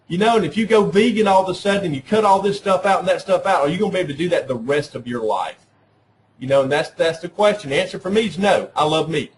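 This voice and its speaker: A man's voice: high voice, poor audio. A man presenting at a workshop, talking in a conversational way, often checking in with "right?" and making jokes at his own expense. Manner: conversational, keeps asking "right?"; self-deprecating humor. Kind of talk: informal talk at a professional development session.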